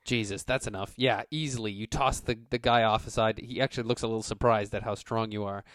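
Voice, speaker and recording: A man's voice: on the low side, fast, dry recording, studio quality. A man running a tabletop game as game master, narrating in a loose, rambling way with plenty of fillers. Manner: relaxed and rambling, many fillers.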